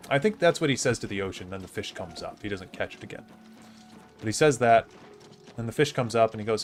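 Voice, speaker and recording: A man's voice: lowish voice, a little fast, soft background music. A man in his thirties chatting casually on a game stream, rambling with lots of fillers and restarts. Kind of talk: casual storytelling while gaming.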